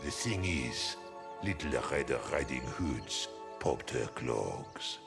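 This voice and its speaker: Big Bad Wolf, gravelly and slow. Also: male voice, extremely low pitch, sing-song, exaggerated voice. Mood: bitter. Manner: grumbling, drawn-out, theatrical. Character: gruff hungover male wolf, cranky and sarcastic. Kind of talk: video game voice acting. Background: game music.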